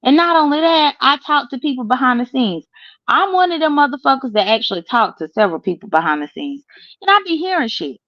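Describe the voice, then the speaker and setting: A woman's voice: sits high, big pitch swings, fairly quick, no echo, lo-fi sound. A woman co-hosting a casual online chat, talking emphatically and swearing freely. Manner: emphatic and profane.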